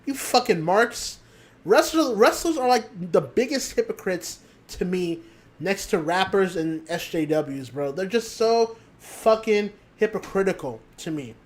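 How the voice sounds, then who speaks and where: A man's voice: high-pitched, expressive, measured pace. A man hosting a live podcast, ranting bluntly and with plenty of swearing, then taking questions from the chat. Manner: profane, heated ranting; blunt, emphatic declarations. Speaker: podcast host.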